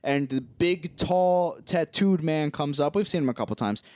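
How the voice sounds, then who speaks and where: A man co-hosting a podcast, retelling film scenes in an animated, casual way and laughing as he goes. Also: fairly high pitch, moderate pace, no room sound. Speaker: podcast co-host. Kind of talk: casual film recap chat.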